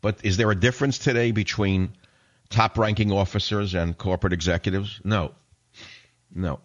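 A man's voice: lowish voice, a little fast, muffled recording. A male radio talk show host delivering an indignant, sarcastic monologue in a combative style.

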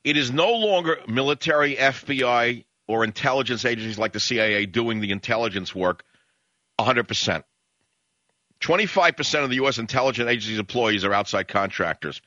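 A man's voice: mid-range voice, fairly quick, bright, forceful tone, no echo, muffled recording. A male talk radio host delivering a combative, ranting monologue full of rhetorical questions.

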